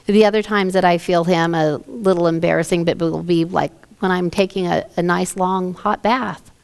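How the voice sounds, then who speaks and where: A woman pastor preaching a sermon in a gentle, conversational way, asking her listeners questions. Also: lowish voice, steady tone, moderate pace, vocal fry, clear, resonant tone.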